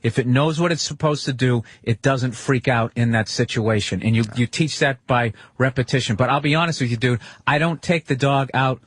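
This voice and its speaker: A man on a radio talk show, ranting emphatically about dogs with constant swearing and sudden squeaky impressions of other people. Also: fairly quick, few pauses, fairly bright tone, slightly rough, dry recording. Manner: acts out quoted voices in sudden high squeaks. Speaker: comedian guest. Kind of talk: casual radio banter.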